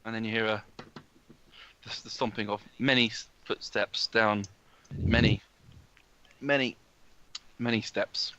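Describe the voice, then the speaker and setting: A man running a tabletop game as game master, narrating in a halting way with many restarts. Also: fairly low pitch, fairly even intonation, sharp tone. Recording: dull, lo-fi.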